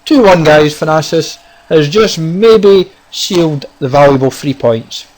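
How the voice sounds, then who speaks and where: A man gives casual commentary over his own football video game, talking straight to his viewers. He is excitable and chatty, calling them guys and lads as the match goes on. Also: a little high, a little slow, rough recording. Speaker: gaming YouTuber. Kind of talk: casual live gameplay commentary.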